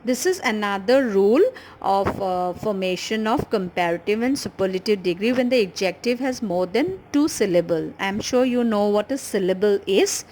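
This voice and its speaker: A woman teaching an English grammar lesson with an Indian English accent, explaining patiently and slowly repeating key words. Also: medium pitch, animated, a little mellow, slight background noise, low-quality recording.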